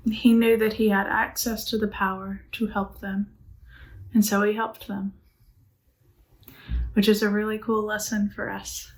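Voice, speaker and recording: A woman's voice: mid-range voice, flat delivery, a little slow, long pauses, poor audio. Woman teaching a youth Bible class. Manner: asks the class questions and answers them herself; casual and conversational, with frequent "like". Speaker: middle school Bible teacher. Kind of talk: church youth Bible lesson.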